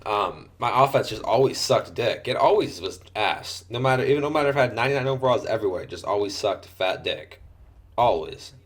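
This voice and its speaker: A man's voice: fairly low pitch, lively intonation, a little fast. A young man doing casual, profane gameplay commentary while hiccuping, breaking into exaggerated yelps. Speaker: gaming commentator.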